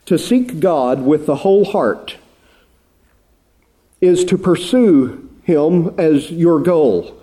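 Middle-aged male preacher, mellow and slightly high voice, earnest pulpit delivery with fervent swells. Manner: earnest, rising to fervent appeals. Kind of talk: sermon.

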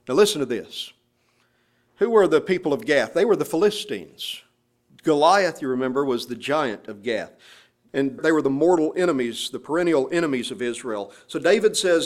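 A man's voice: medium pitch, lively intonation, normal speed. A man preaching a sermon, explaining and quoting scripture passages with emphasis. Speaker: pastor.

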